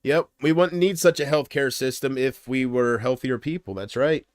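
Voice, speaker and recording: A man chats on his home livestream in a loose, rambling way, cracking jokes and laughing at them. His voice sits at an ordinary pitch. The sound is dry and close, from a desk mic in a small room. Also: normal speed, no echo. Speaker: livestream host. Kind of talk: casual livestream chat.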